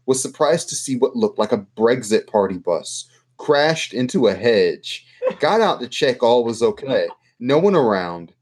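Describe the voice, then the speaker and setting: A man's voice: mid-range voice, very animated, measured pace, darkish tone, husky. A man co-hosting a podcast, chatting casually and sarcastically about politics, swearing freely. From United States. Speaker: podcast co-host.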